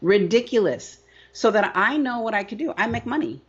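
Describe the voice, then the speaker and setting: A woman's voice: a little high, animated, fast, a bit bright, slightly rough. Middle-aged woman coach, candid and emphatic interview voice, dull recording. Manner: emphatic, repetitive, rhetorical "right?". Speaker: business coach and author.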